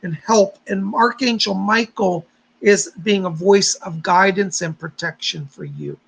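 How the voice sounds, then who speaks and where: A man hosting a casual psychic livestream, with a gravelly, husky voice. He greets viewers by name in an easygoing, chatty way. He also leads a meditation and gives quick readings. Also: high-pitched, big pitch swings, fairly bright tone, rough recording.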